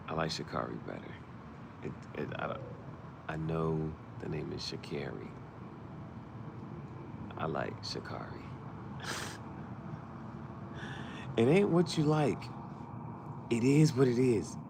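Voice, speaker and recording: A man's voice: deep voice, very animated, takes it slowly, gravelly, long pauses, background noise. A man, rambling in a loose, joking monologue and often laughing. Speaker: vlogger.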